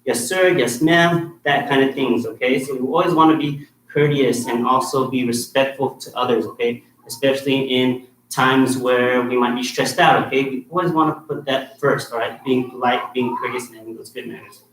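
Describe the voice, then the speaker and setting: A man's voice: medium pitch, fairly even intonation, moderate pace, few pauses, fairly bright tone. Roomy-sounding man coaching a kids' class. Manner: firm and encouraging, checks in with "okay?" after nearly every point. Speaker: martial arts instructor. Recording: echoey room with faint noise.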